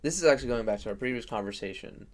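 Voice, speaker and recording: A young man from Missouri with a Midwestern accent, co-hosting a podcast and talking in an earnest, halting way with many fillers. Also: medium pitch, animated. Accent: Midwestern American. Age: young adult. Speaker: podcast co-host. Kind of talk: casual chat.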